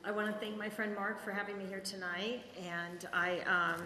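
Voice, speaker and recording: A middle-aged woman speaking to a recovery group, halting and rambling with many ums, laughing at herself as she shares her story. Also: mid-range voice, steady tone, crowd noise. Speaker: speaker sharing at a recovery meeting. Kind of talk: personal testimony to a group. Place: meeting hall. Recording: echoey hall, faint room ambience.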